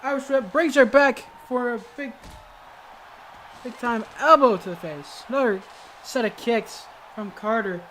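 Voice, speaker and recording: A woman commenting play by play on a wrestling video game, calling the moves with sudden excited exclamations and frequent hesitant fillers and self-corrections. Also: fairly high pitch, measured pace, a little hiss or hum. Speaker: gaming video host.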